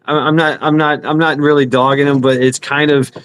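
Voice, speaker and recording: A man on a casual panel chat, talking in halting restarts with playful mimicry. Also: fairly high pitch, level tone, a crowd in the background. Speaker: panel guest.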